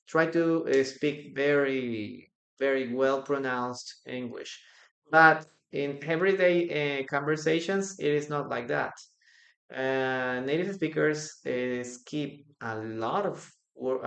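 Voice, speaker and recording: A man teaching English in a live online class, slowly repeating example sentences and stressing them to drill the correct pattern. He is a native Spanish speaker. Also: mid-range voice, gravelly, fairly bright tone, roomy sound. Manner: slow, repeats example sentences with raised emphasis.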